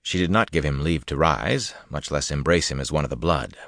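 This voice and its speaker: Male audiobook narrator, very low voice, steady delivery, dry booth sound. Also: a little fast, no echo. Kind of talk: scripted narration.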